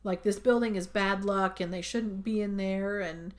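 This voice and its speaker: A young woman talks through a movie's plot in easygoing podcast chatter, dropping "like" into nearly every line. Her pitch sits in a middle range, neither high nor low for a woman. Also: fairly even intonation, normal speed. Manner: chatty, peppered with "like". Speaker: podcast co-host. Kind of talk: casual movie recap.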